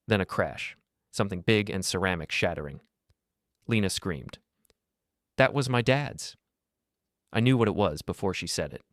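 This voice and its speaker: A middle-aged man narrating a first-person story in a steady, grave, measured way. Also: deep voice, no room sound, clean studio sound.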